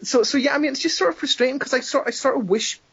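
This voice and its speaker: A Scottish documentary maker on a podcast, ranting and swearing casually, with many restarts and fillers. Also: male voice, very high voice, fast talker, a bit bright. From Scotland. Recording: dull lo-fi podcast audio.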